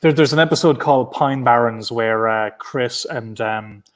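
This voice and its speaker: An Irish man chats from home through his laptop on a video call. His voice sits at an ordinary middle pitch, and he talks in loose, rambling runs. He restarts his sentences often and leans on easy filler words. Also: normal speed. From Ireland. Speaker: guest comic writer. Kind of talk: casual interview over video call.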